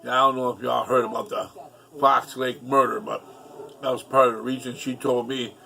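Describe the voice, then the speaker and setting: A man's voice: mid-range voice, level tone, normal speed, gravelly, pushed and bright. A middle-aged man telling a rambling personal story in a casual, profane, aggrieved way.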